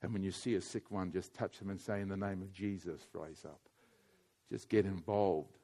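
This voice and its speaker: A man preaching a sermon, swinging between quiet intimate passages and loud emphatic urging, often repeating his points. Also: sits low, fairly even intonation, moderate pace. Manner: wide swings from hushed to loud, emphatic repetition.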